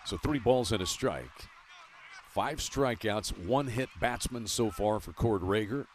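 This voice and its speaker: A man calling college baseball play-by-play with a brisk delivery that rises on big plays. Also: on the low side. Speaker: play-by-play announcer. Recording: noisy ballpark broadcast.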